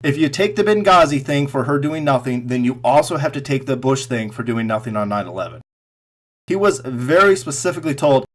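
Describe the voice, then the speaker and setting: A man giving an angry, profane political rant straight to camera, sarcastic and mocking, swinging between loud outbursts and muttered asides. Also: medium pitch, expressive, fairly quick. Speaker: political commentary vlogger.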